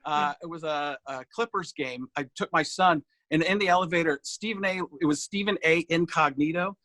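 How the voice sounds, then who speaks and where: Bright-voiced comedian telling stories. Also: male voice, a little high, moderate pace, dry recording. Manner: animated storyteller, slips into voices. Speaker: comedian and impressionist guest. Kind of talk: casual chat. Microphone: video call.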